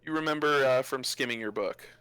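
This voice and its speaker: Male game master on stream, bright and dry, halting with restarts. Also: medium pitch, smooth, no echo. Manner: distracted, halting, with many restarts. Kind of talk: casual tabletop game narration on a livestream.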